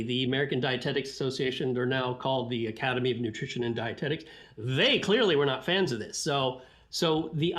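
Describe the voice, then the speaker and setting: A middle-aged man, a scientist guest on a podcast, telling stories in an animated way, laughing and acting out what people said. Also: fairly high pitch. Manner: animated, laughing, acts out quotes. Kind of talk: podcast storytelling.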